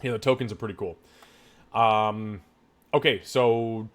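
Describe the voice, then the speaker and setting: Male game master, lowish voice, online session, hesitant, filler-heavy delivery. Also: fairly even intonation. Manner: halting, lots of fillers and restarts while narrating. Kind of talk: running a tabletop game online.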